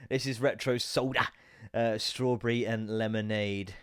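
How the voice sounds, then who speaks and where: A man's voice: fairly low pitch, steady tone, a little slow, a bit bright, clear, resonant tone, no echo, clean studio sound. A man hosting a solo podcast, rambling and swearing, sounding bunged up with a cold. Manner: rambling, sweary, jumps into goofy voices. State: congested, bunged up. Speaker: podcast host. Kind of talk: solo casual podcast rant.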